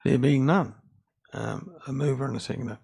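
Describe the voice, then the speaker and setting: Gravelly husky guy running a council meeting, quick and procedural. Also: medium pitch, darkish tone. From New Zealand. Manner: brisk procedural, calls votes. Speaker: mayor chairing a council meeting. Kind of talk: chairing a formal meeting. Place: council chamber.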